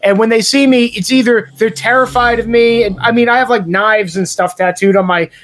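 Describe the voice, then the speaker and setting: High voiced guy on a podcast, cussing his way through a funny story. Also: brisk. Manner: profane, animated storytelling. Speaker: podcast guest. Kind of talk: casual chat.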